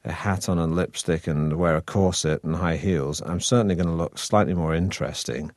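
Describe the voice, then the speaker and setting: This middle-aged actor guest from Manchester has a low, darkish voice and a northern English accent softened toward received pronunciation. Talking a little fast in a relaxed interview, he chats wryly with frequent fillers and restarts, and the sound is close and dry with no room sound.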